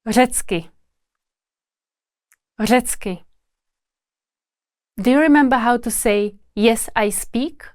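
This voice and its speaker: Slow, careful woman language teacher. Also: on the high side, a little mellow, no room sound. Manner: slow, careful pronunciation, repeating each word twice. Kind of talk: slow language lesson drills.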